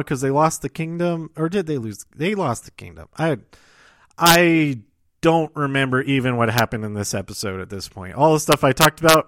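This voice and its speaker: A man casually recapping a TV episode, rambling and halting with many fillers, restarts and chuckling asides. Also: on the high side, a bit bright, no room sound. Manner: self-deprecating and chuckling asides.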